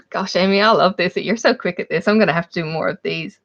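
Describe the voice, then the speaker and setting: Speaking at normal speed in a medium-pitched, a bit bright voice with huge pitch swings, a chatty Irish woman hosts a casual live chat with viewers. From her home in Australia she laughs often and reads out names, with dull lo-fi stream sound.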